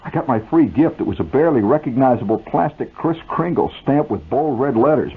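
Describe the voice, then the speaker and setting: A man's voice: medium pitch, lively intonation, fairly quick, few pauses, husky. A man reading his own story aloud on the radio in a wry, vivid, mock-dramatic style, on a tinny old aircheck.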